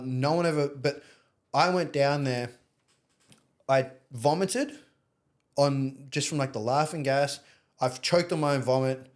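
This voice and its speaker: A young adult man with an Australian accent tells his story as a podcast guest. He talks candidly and rambles, with plenty of swearing. His voice sits at an ordinary middle pitch. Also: a little slow, pauses often. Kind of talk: casual storytelling interview.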